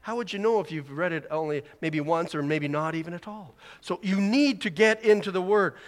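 A man's voice: sits high, big-room sound. A man preaching a sermon, chatting along casually and then building to emphatic exhortation. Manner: conversational, rising to emphatic exhortation. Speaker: pastor.

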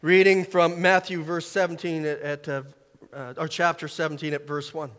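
A man preaching a sermon in short, emphatic phrases, swelling loud and dropping soft as he reads scripture. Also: fairly high pitch, little pitch movement, normal speed, big-room sound.

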